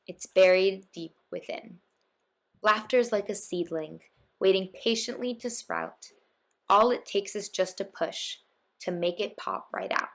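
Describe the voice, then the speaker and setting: Woman reading a rhyming story, gravelly. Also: medium pitch, measured pace, fairly bright tone. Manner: lilting, rhythmic reading.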